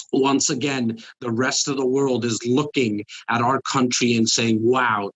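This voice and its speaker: A man hosting a podcast, loud and energetic, often repeating words as he thinks. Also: mid-range voice, no room sound, low-quality recording. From Canada. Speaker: podcast host. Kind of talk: casual podcast chat.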